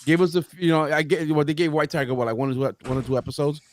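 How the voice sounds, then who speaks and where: A man co-hosting a podcast, talking in an animated, joking way with slang. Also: a little high, racing, a little hiss or hum. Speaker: podcast co-host. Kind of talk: casual chat.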